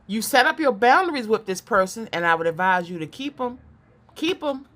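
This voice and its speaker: A woman's voice: on the high side, fairly quick. Chatty woman giving a psychic reading. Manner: chatty, animated, repeats herself, slips into preaching. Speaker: psychic card reader. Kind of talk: casual card reading to camera.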